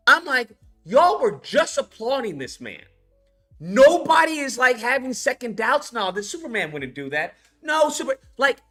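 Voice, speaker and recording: Bright-voiced man ranting about a film. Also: very high-pitched. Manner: rambling, profane, frequent restarts. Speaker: animation YouTuber. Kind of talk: casual movie review rant.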